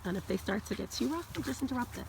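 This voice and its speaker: A woman dog trainer talking casually while working her dogs off leash outdoors, now and then calling them loudly. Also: fairly high pitch, lively intonation, rapid-fire, gravelly. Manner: chatty, loud recall calls to her dogs. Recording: noisy outdoor recording. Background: dogs playing.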